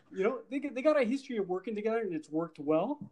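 A middle-aged man riffs on movies in a casual co-host chat, animated and full of asides. His voice is fairly high for a man, and he talks in rapid bursts. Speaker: podcast co-host.

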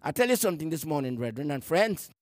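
A man preaching a sermon. He reads scripture aloud and preaches emphatically, slowing down to stress key words and sometimes repeating a word as he searches for the next one. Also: on the high side, very animated, dry recording, studio quality.

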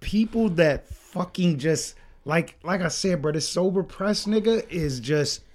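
Animated young man swearing in casual chat. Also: sits high, unhurried. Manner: profane, animated storytelling with acted-out quotes. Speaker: podcast co-host.

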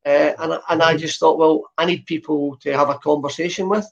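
Scottish man with a softened Glasgow accent. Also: a little high, steady tone, fairly quick, gravelly. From Scotland. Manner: lots of uh fillers, chatty storytelling. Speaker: guest, former footballer. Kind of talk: relaxed interview chat. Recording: dull lo-fi sound.

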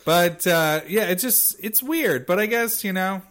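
A man with a fairly high voice that rises and falls a lot gives his views in a casual podcast chat. He talks in halting bursts and leans on fillers and restarts while he works out what he thinks. He is recording at home. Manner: lively, halting opinions full of fillers. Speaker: podcast co-host.

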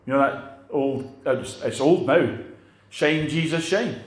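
A man's voice: medium pitch, slow, echoey room. An older man preaching a sermon in a conversational way, putting rhetorical questions to his congregation.

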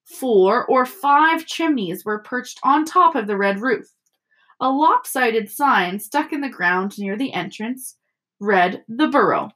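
A woman teacher reading a novel aloud to children, expressive and storytelling. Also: fairly high pitch. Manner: expressive storytelling with character voices.

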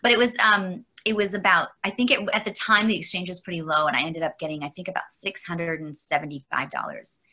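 A woman from Canada, a guest on an interview, telling a personal story candidly, halting with fillers and restarts and laughing often. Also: on the low side, steady tone, pushed and bright.

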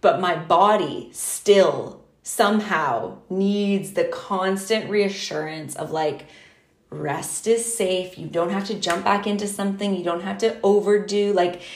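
The echoey recording captures a woman co-hosting a podcast in an easygoing chat, her medium-pitched voice moving at a measured pace. She is lively, fills gaps with "like," and swears without hesitation.

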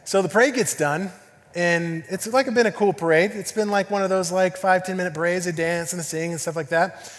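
A man's voice: high voice, a little fast, in a large hall. A man in his thirties preaching a sermon, telling a family story with acted-out voices and sound effects. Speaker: pastor. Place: church hall.

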